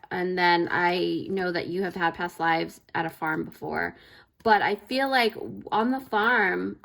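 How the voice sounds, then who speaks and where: A woman doing a casual tarot reading as a channel host, rambling with many fillers and restarts, warm and affirming in a spiritual way. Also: on the low side, vocal fry. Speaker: tarot reader.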